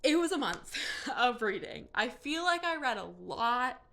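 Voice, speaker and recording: A woman in her twenties chatting casually through a monthly reading wrap-up, animated and full of fillers. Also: high voice, measured pace. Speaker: book reviewer.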